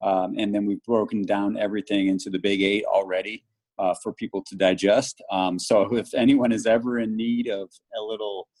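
A man's voice: fairly low pitch, flat delivery, normal speed, darkish tone. A man guest promoting his resources, with frequent fillers and restarts. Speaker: guest, fitness author. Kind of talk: podcast interview.

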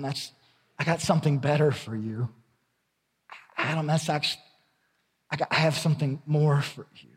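A middle-aged male pastor preaches in a high, husky voice. He talks candidly and conversationally, restarting and repeating words as he goes. His voice rings with the long reverb of a large hall. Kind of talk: sermon.

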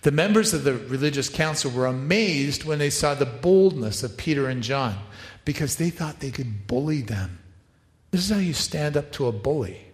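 A man preaching a sermon, animated, acting out quoted voices and making asides to helpers. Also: mid-range voice, normal speed. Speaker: pastor. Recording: echoey hall, reverberant.

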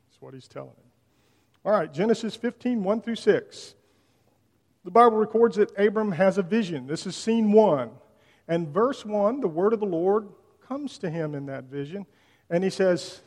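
A man's voice: high voice, animated, normal speed, a little mellow. A man preaching a sermon in a conversational way, retelling scripture in everyday slang. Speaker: pastor. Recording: long hall reverb.

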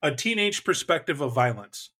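A man talking casually about tabletop role-playing games with a bright, forceful edge to his voice. His pitch sits a little high for a man. He is animated and breaks into quick acted-out bursts as he talks.

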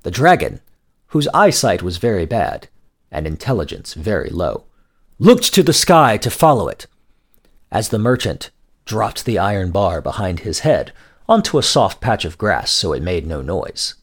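A man narrating a scripted folk tale in a measured storytelling manner. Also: deep voice, very animated, slightly rough.

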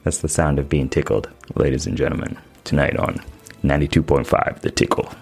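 A man doing a playful deep-voiced radio DJ. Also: little pitch movement, a little fast, creaky, breathy edge, soft background music, exaggerated voice. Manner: mock-announcer delivery. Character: playful male radio DJ announcing a station.

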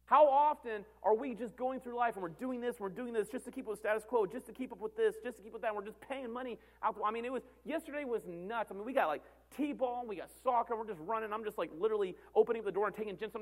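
A high-pitched man in his thirties, a pastor, preaches earnestly. He repeats phrases for emphasis and shifts between loud and soft passages.

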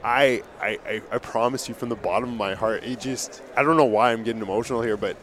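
A male dentist hosting a podcast speaks fast, with hardly any pauses, in a medium-pitched, fairly bright voice. He talks earnestly and emotionally in casual conversation, often repeating words. He's at a conference booth, and the chatter of a busy hall crowd fills the background.

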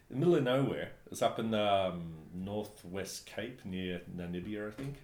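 A man from New Zealand telling travel stories in casual chat, animated and laughing often. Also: fairly low pitch, moderate pace, few pauses. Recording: echoey room, faint background noise.

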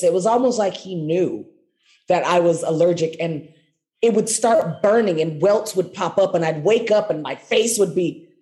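A co-host talking in a slow, unhurried way on a casual podcast. Their talk is chatty, with small stops and restarts as they think aloud. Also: medium pitch, darkish tone. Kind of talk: casual political chat.

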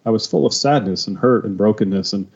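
Guy on a podcast telling his faith story, mellow low voice, kinda muffled, stumbles and restarts a lot. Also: creaky, breathy edge. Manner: emotional, halting, many restarts. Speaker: podcast guest. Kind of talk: personal testimony.

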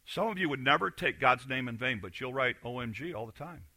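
A man preaching a sermon as pastor, swinging between loud emphatic lines and quiet, confiding asides. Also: medium pitch, animated, a little fast, dry recording.

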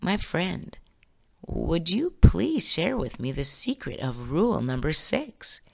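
Woman playing a polite visiting prime minister, curious, hushed, low gravelly voice. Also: sing-song, takes it slowly, exaggerated voice. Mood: politely curious.

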